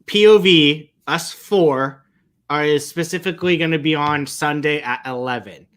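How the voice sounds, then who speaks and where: A man's voice: on the high side, a little slow, fairly bright tone, clean tone. A man co-hosting a podcast in easygoing casual chat, with frequent hesitations. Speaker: podcast co-host.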